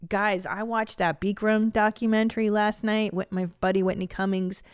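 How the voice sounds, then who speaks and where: A woman's voice: medium pitch, flat delivery, moderate pace, clear, resonant tone, no room sound, studio quality. A woman in her forties hosting a podcast, talking in a casual, comedic monologue that is profane and chatty, and she laughs often. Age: 40s. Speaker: podcast host.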